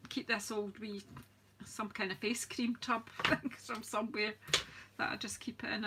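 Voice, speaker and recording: A woman's voice: a little high, noisy background. A woman with a Scottish accent hosting a live crafting demonstration, chatting in a homely way, greeting viewers and laughing often. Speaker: craft demonstrator, channel host. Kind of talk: live-stream crafting demo, casual chat.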